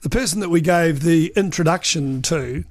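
A man's voice: fairly high pitch, moderate pace, dry recording. A man, a veteran political journalist telling anecdotes in an interview, chatty and full of ums and uhs.

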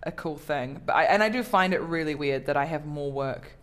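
Chatty woman comedian, low voice. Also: brisk. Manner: chatty, self-deprecating, many fillers and restarts. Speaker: comedian guest. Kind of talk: casual interview chat.

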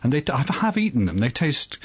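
A male scientist guest in a dry studio with a husky voice. His pitch moves a lot as he tells his stories in an animated way. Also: a little fast, dry recording. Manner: animated, anecdotal explaining.

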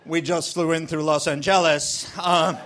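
A man with an American accent doing a stand-up set, deadpan punchlines broken by sudden loud outbursts. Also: fairly high pitch, a little slow. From United States. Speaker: stand-up comedian. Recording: played clip of a live stand-up set.

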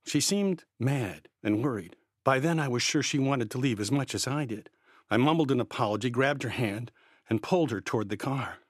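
Man, story narrator, measured and quietly tense, very dry close sound. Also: fairly low pitch, dry recording. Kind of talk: first-person story reading.

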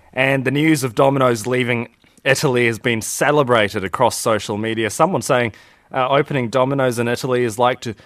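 A man's voice: mid-range voice, fairly bright tone, no room sound. A man giving a radio business report, loose and laughing, often saying "uh" and "look".

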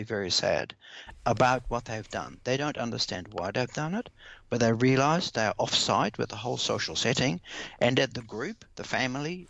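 A man answering interview questions in a measured, earnest way, often repeating words as he explains. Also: mid-range voice, gravelly, fairly bright tone. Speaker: parenting expert guest. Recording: dull lo-fi dry recording.

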